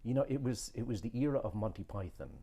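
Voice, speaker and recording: A middle-aged man with an Irish accent, a podcast guest telling stories in a relaxed, rambling way with many fillers and chuckles. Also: on the low side, fast, noisy background. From Ireland. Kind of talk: relaxed conversational storytelling.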